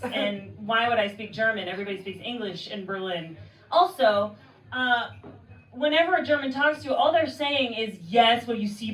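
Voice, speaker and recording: A woman from Oakland, California doing a stand-up comedy set, telling stories deadpan with quick asides and acting out the people she quotes. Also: a little high, recorded from a distance. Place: live comedy club with audience. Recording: echoey room, mic heard from afar, crowd laughter.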